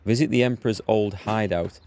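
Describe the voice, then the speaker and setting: A man's voice: on the low side, brisk, a little mellow, slight background noise. A man from northeast England streaming a video game, chatty and self-deprecating as he thinks aloud. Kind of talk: casual live-stream commentary.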